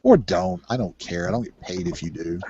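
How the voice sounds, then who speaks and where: A man bantering in a group chat with deadpan jokes and sudden loud outbursts. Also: deep voice, brisk, lo-fi sound, background noise.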